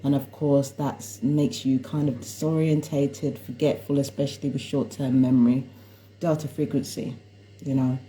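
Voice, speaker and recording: A woman's voice: very deep voice, little pitch movement, moderate pace, dark tone. A woman talking casually on a live stream from home, rambling and exasperated as she vents. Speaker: tarot reader and vlogger. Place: at home indoors.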